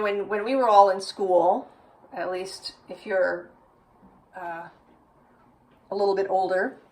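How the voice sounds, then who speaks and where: A woman's voice: mid-range voice, far from the mic, rough recording. A woman giving a tarot reading, musing aloud with frequent "right?" tags. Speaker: tarot reader.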